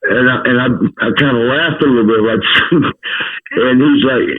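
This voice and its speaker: A man telling a rough story as a podcast guest, swearing, laughing and repeating his words as he goes. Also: mid-range voice, normal speed. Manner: profane, laughing, stammering repeats. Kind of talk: casual storytelling. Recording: tinny phone-like line.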